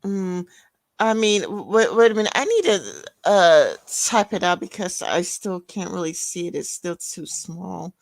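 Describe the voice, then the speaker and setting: A woman's voice: fairly low pitch, animated, a little slow, no room sound. A woman co-hosting a podcast in casual chat, rambling with lots of fillers like "you know". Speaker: podcast co-host.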